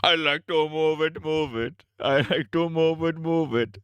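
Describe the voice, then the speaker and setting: A man's voice: a little high, a little slow, fairly bright tone, clear, resonant tone, no echo, pitched above the performer's own voice. King Julian, a man putting on a pompous cartoon lemur king. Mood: sing-song.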